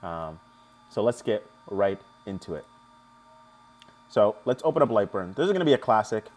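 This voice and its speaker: A young man hosting a live stream, his voice sitting a little low. He talks viewers through the steps in a loose, chatty way, cracking jokes and answering the chat as he goes. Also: sing-song, moderate pace, a little mellow. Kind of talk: casual live tutorial.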